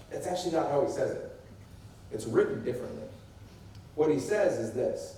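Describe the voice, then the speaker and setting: Male pastor, conversational sermon delivery, warm lower tones, faint room hiss. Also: expressive, normal speed, long pauses. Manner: reads scripture then preaches conversationally, acting out quotes. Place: church sanctuary. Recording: echoey room heard from a distance.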